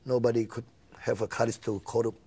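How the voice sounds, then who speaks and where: A man's voice: mid-range voice, level tone, brisk, dark tone, breathy edge. A middle-aged man from Indonesia with an Indonesian accent, a political candidate speaking earnestly in broken English on a talk show.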